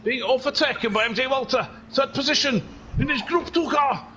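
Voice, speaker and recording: A man's voice: very high-pitched, a little fast, bright, forceful tone, highs cut off, a little hiss or hum. Joking man commentating in a put-on North Welsh accent. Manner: joking, rambling asides. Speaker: race commentator. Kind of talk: playful live sim racing commentary.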